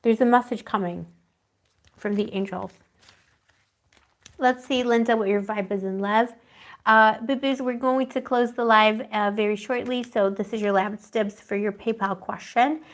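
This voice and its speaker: A woman's voice: a little high, fairly even intonation, unhurried. A woman giving a live tarot reading, rambling and affectionate, calling her viewers pet names and searching dreamily for her words. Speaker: tarot reader.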